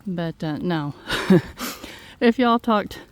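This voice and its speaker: A woman speaks slowly into her phone outdoors, a little out of breath. Her voice sits fairly low, and her encouraging talk comes in gentle, halting phrases. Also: lively intonation. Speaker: farm vlogger. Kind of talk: casual heartfelt talk to viewers. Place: outdoors in fog. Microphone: handheld phone.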